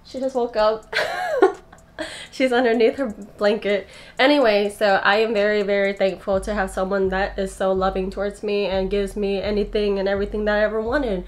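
A woman's voice: medium pitch, fairly even intonation, moderate pace. A young woman in her twenties gushes through a casual show-and-tell of her gifts, sounding a little out of breath. She chats easily and giggles often, recorded at home in her bedroom. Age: 20s. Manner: chatty and gushing, giggles often. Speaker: vlogger.

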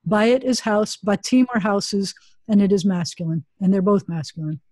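A woman's voice: mid-range voice, moderate pace, warm tone, dry recording. A woman rabbi teaching a Hebrew class over a video call, chatty and self-deprecating.

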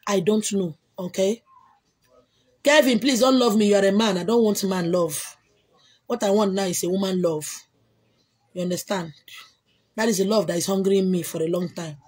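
A woman with a Nigerian accent hosting a casual livestream, answering viewer comments in an emphatic, repetitive way with loud exclamations. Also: medium pitch, slightly rough. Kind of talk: casual chat.

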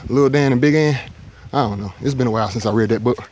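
Hiking a forested mountain ridge, a thru-hiker vlogs casually, somewhat winded from the climb yet relaxed, talkative, and full of jokes. He's a fast talker with a medium-pitched, slightly mellow voice. Slight background noise is present.

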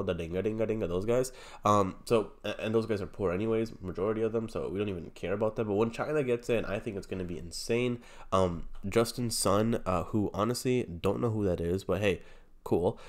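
A young man hosting his channel while sick with a cold, so his voice comes out stuffy and nasal. His pitch sits a bit low, and he rambles casually, padding his talk with "like" and "um". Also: darkish tone. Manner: rambling, loose, heavy on fillers like "like" and "um". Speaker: crypto channel host. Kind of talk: casual video commentary.

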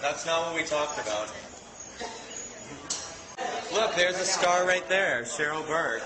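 A man's voice: a little high, expressive, slow pace, reverberant, heavy background noise. A man trading playful, teasing behind-the-scenes banter at a dance rehearsal, scatting out the counts. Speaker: celebrity dance contestant.

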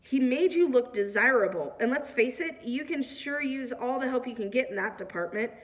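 A gruff, scornful middle-aged mentor speaks in a raised, pushy voice, as a woman puts him on while reading aloud. He sounds blunt and unimpressed, and the voice comes from a mic set back from the reader. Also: fairly high pitch, expressive, moderate pace, recorded from a distance, lightly acted.

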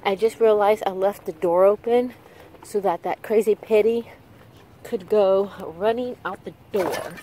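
A young woman chatting excitedly in a casual vlog, telling stories as she moves around her home and yard. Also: mid-range voice, a little slow, slight background noise. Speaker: vlogger and makeup artist.

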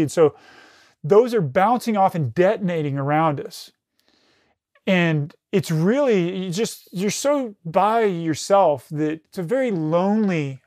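A middle-aged man with a fairly high voice recounts a battlefield experience as a podcast guest. He talks with raw intensity, swears constantly and stumbles into restarts. The sound is dry and close, with no room around it. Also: a little mellow, dry recording. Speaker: podcast guest, retired military rescue specialist. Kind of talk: recounting a combat story in casual conversation.

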